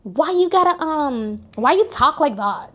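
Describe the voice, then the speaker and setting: Young woman, high voice, animated, preachy, casual vlog advice, speaks to camera. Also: unhurried. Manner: animated, preachy, talks to viewers directly. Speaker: vlogger. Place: New York, recording outdoors near street traffic.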